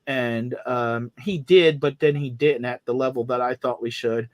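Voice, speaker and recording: A man's voice: mid-range voice, fairly even intonation, normal speed, no echo. A man telling a long, rambling story in casual chat, with many restarts and trailing asides.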